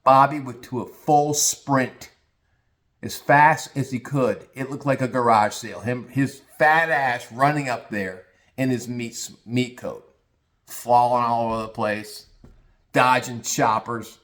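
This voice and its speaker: A man's voice: medium pitch, measured pace, a bit bright. A middle-aged man from the United States telling a rambling, crude story about office brown-nosers as a podcast host. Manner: blunt, crude, rambling with restarts. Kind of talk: casual storytelling monologue.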